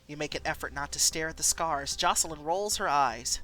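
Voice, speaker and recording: A woman's voice: deep voice, moderate pace, few pauses, pushed and bright, soft background music. A woman streamer reading an interactive story game aloud, taking viewer votes and exclaiming often.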